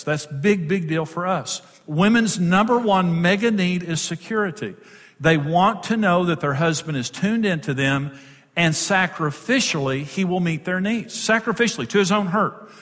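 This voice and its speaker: A man teaching about marriage in a large hall, his slightly high voice carried by a long reverb. He speaks emphatically and repeats key words to drive each point home. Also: a bit bright. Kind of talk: teaching talk to an audience.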